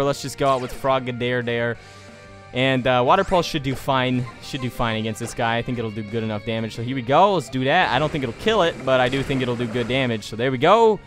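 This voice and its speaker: A man commentating his own game playthrough at a middling pitch, joking and getting excited as he talks to his viewers. Faint game music plays behind his voice. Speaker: let's play host.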